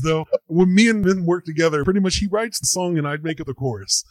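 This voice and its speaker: A man's voice: on the high side, animated, fairly quick, few pauses, no echo, rough recording. A man hosting a casual online chat show, rambling and chuckling as he talks. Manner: laid-back, chuckling, rambling. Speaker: podcast host.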